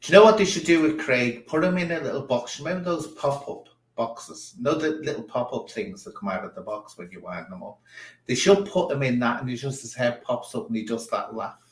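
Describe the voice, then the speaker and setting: A man's voice: mid-range voice, a little fast. Sarcastic man riffing in an echoey room. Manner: sarcastic, theatrical. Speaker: streamer reacting to a video. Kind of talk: mocking reaction commentary.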